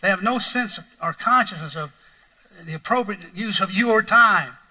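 Middle-aged male pastor, high voice, folksy sermon storyteller, heard a bit off-mic. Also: expressive, moderate pace, pushed and bright, recorded from a distance, low-quality recording. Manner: folksy, repetitive, rising to mock outrage.

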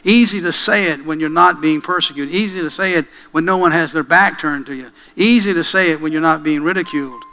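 A male preacher telling a dramatic story in a sermon, with hushed pauses and slow, emphatic repetition. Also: a little high, low-quality recording.

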